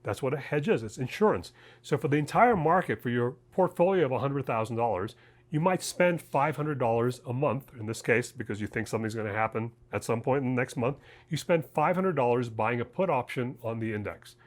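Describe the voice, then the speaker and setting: A man's voice: mid-range voice, animated, brisk. A man who co-founded a trading education service, explaining an idea in a casual, chatty way, often checking in with "okay?" and "right?". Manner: uses homely examples and jokes. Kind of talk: casual explainer talk to camera.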